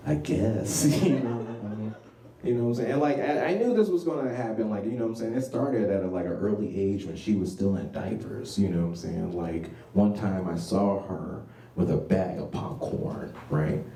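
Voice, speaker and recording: A male stand-up comedian telling stories about his kids in an animated way, often saying "you know what I'm saying.". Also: on the low side, moderate pace, a little hiss or hum. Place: small comedy club. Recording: echoey room, distant mic.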